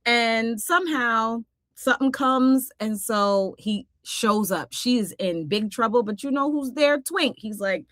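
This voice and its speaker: A woman hosts a casual vlog where she recaps cartoons. She talks in a sassy, exclamatory way with plenty of playful asides. Her voice sits fairly high, and the sound is dry and close. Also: a little slow, fairly bright tone, dry recording. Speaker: host.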